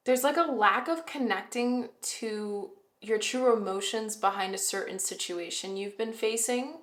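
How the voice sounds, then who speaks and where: A woman giving a casual, rambling tarot reading, often pausing to correct herself. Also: medium pitch. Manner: chatty, rambling, self-correcting, with fillers. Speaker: tarot reader. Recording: roomy echo.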